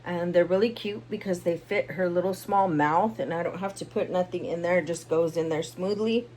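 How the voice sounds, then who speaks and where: A woman's voice: lowish voice, normal speed, darkish tone, a little hiss or hum. Tired, chatty young woman vlogger. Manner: rambling, chatty, with many fillers. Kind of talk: casual vlog chat.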